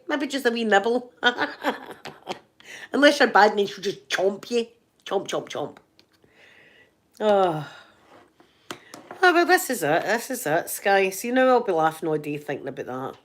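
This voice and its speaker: A woman's voice: on the high side, big pitch swings, unhurried. A Scottish woman hosting an ASMR channel, chatting casually with live viewers in a giggly, joking, rambling way.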